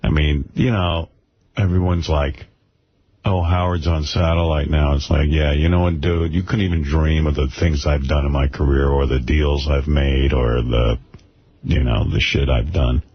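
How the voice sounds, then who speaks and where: A man's voice: rumbling low, fairly even intonation, moderate pace. A man hosting a radio show, talking in casual banter and ranting in a brash, boastful way. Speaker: radio host. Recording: dull lo-fi radio recording.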